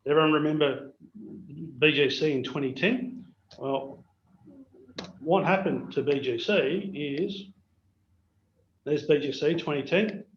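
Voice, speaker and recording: A middle-aged Australian man, a business owner, telling animated anecdotes to peers on a video call. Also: on the high side, unhurried, long pauses, a little hiss or hum. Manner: anecdotal, animated storyteller acting out dialogue. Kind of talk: storytelling keynote on a video call. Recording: roomy, dull video-call audio.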